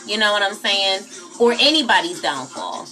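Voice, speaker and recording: A woman's voice: mid-range voice, sing-song, normal speed, sharp tone, faint music behind. A woman hosting a casual late-night livestream, chatty and talking straight to her viewers as y'all. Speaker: livestream host.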